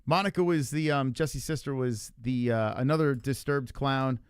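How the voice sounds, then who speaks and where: In a smooth, mid-range voice at a moderate pace, a man hosts a livestream, chatting casually and reading the chat. He rambles loosely and swears a lot, and the clean studio sound carries no room noise.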